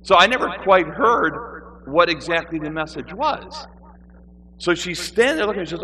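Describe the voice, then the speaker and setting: A man preaching in church, telling a story in an animated way and mimicking his own whining. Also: high voice, moderate pace, low-quality recording. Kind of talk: storytelling sermon.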